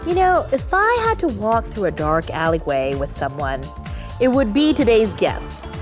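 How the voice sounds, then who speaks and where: A woman's voice: medium pitch, big pitch swings, moderate pace, over music. A woman hosting a TV talk show, chatty and playful as she interviews a guest. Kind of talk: broadcast interview.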